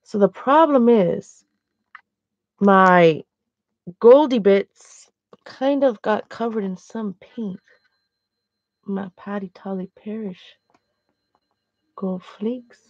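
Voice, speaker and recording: A woman's voice: mid-range voice, takes it slowly, long pauses, a little mellow, no room sound. A woman chatting casually while painting, a laughing storyteller. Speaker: art vlogger. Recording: dull, dry lo-fi sound.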